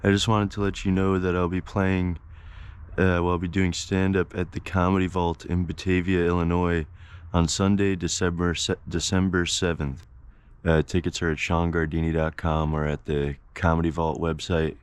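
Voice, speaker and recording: Comedian guy doing a quick show plug, super deep, flat, smooth voice. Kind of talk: recorded promo announcement.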